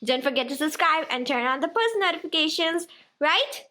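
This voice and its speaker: Young woman, high voice, slow cooing baby talk to her parrot, echoey room. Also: animated, sharp tone. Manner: coaxing, cooing baby-talk with the bird, giggly. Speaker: parrot owner and vlogger. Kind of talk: casual vlog talking to a pet.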